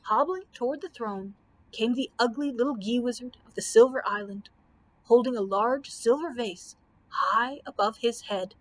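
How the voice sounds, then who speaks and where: A woman's voice: fairly high pitch, normal speed, rough recording. A woman librarian reading a children's book aloud, telling it expressively. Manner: expressive storytelling.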